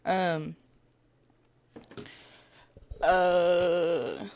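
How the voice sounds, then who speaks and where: Excitable woman rambling to camera. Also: lowish voice, drawn-out words. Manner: rambling and excitable, with frequent fillers and self-corrections; gushing fan talk with giggles. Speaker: vlogger. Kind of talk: casual chat to camera.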